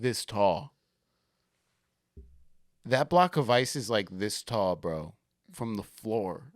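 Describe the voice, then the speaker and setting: Animated, swearing podcast host man. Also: medium pitch, dry recording, clean studio sound. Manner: laid-back, swears freely, laughs often. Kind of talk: casual chat reacting to viral videos.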